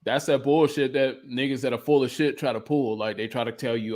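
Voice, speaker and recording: A man's voice: medium pitch, fairly even intonation, brisk, a little mellow. A man co-hosting a podcast, ranting in a profane, heated way in casual chat. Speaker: podcast co-host.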